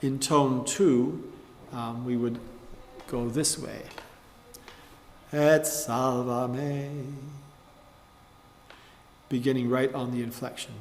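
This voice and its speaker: A man teaching psalm chanting in a measured spoken tutorial, breaking off now and then to sing short demonstration phrases. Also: medium pitch, steady tone, a little hiss or hum. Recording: roomy space with long reverb.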